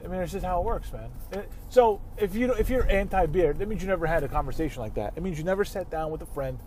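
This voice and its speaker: Heated man, somewhat high voice, swearing and rambling from his car, faint road noise. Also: lively intonation, fast talker, a little mellow. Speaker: vlogger ranting while driving. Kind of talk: casual profane rant. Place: inside a car.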